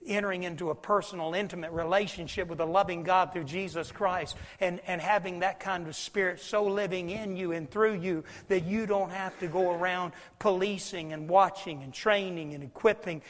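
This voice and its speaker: A man preaching a sermon, telling a folksy story and swinging between loud and hushed. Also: high voice, fairly even intonation, moderate pace, few pauses. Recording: long hall reverb.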